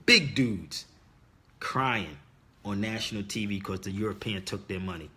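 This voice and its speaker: A middle-aged man hosts a livestream, his voice on the low side, animated yet a little slow, with a pushed, bright quality. He addresses viewers directly in a casual preaching monologue, emphatic and insistent, repeating key words like a sermon.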